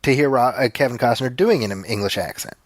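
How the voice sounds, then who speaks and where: A man talking through a movie commentary in an easy, joking way, often tripping over repeated words as he works out a thought. His voice sits at an ordinary pitch, and the recording is close and dry with no room around it. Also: lively intonation, brisk, no room sound. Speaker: podcast co-host. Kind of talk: casual film commentary chat.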